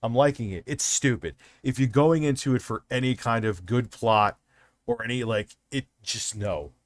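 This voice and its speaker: A man's voice: medium pitch, normal speed, dry recording, studio quality. A man hosting a livestream, chatting casually with lots of swearing, rambling and restarting his sentences. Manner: restarts and trails off. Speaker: livestream host.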